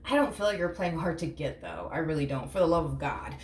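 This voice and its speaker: Woman, tarot reader, casual chat, blunt, swears a lot, lowish voice, echoey room. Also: very animated, fast talker. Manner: chatty, blunt, swears freely; acts out imagined reactions in quotes. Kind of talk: casual tarot reading to camera. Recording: echoey room with faint hum.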